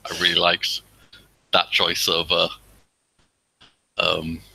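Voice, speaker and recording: A man's voice: deep voice, completely flat delivery, vocal fry, pushed and bright, husky, no echo, rough recording. A man playing in a tabletop game, hesitantly sharing what he enjoyed about the session. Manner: hesitant, halting. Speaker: player. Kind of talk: casual post-game chat.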